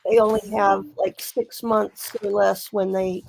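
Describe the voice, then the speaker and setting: A middle-aged woman talks slowly through a casual true crime commentary, her voice gravelly with fry. She rambles and restarts her sentences, leaning on fillers as she goes. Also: mid-range voice, level tone, darkish tone.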